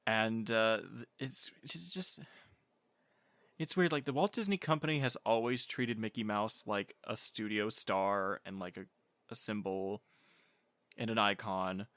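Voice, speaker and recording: A man co-hosting a casual podcast, his voice bright and forward. He chats loosely, laughing often and trailing off into fillers. The sound is dry and close to the mic. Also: lowish voice, a little slow, no room sound. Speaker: podcast co-host. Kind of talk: casual chat.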